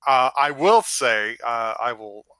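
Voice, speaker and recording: A man co-hosting a podcast, talking in a lively, swooping voice that jumps up and down as he jokes. His tone is bright, and the sound is dry and close. He often restarts his sentences. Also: mid-range voice, slow pace, clean tone, dry recording. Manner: joking, animated, with many restarts. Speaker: podcast co-host. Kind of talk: casual chat.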